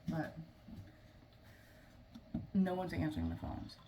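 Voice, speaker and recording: A woman with a lowish voice tells a personal story, casual and halting, with plenty of fillers and restarts. She sits a little back from the microphone. A clear layer of noise runs under her speech. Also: very animated. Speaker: family vlogger. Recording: noisy room, mic at a distance.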